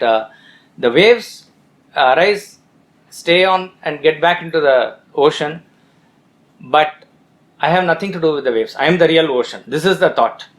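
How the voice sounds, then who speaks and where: A man giving a measured Vedanta discourse as a spiritual teacher, repeating his points for emphasis. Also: fairly high pitch, fairly bright tone.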